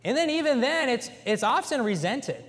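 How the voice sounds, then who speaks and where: A man with a strikingly high voice delivers a folksy sermon, leaning hard on key words as he tells his stories. His voice rings through a church with a long, echoing reverb. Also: normal speed. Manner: folksy storytelling with animated emphasis. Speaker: pastor. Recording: echoey church hall.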